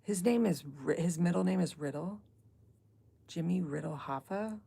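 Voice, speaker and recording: A middle-aged woman with a low voice that has a gravelly, fry-filled edge. She chats casually with her live viewers, reads out their comments and answers them, and wanders from one topic to the next as host of an online book club. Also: normal speed, dark tone. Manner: chatty, talks straight to chat viewers, drifts between topics.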